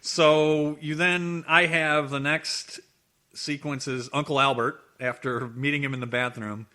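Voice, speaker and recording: A man's voice: fairly high pitch, level tone, measured pace, sharp tone. A man co-hosting a podcast, casually summarizing a movie's plot in loose, run-on sentences. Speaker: podcast co-host. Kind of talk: casual film discussion.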